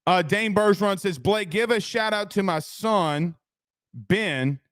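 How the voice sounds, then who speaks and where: Ranting high-voiced sports talk host. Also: male voice, measured pace, no echo, clean studio sound. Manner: animated, ranting, reads chat comments. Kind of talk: casual postgame sports talk.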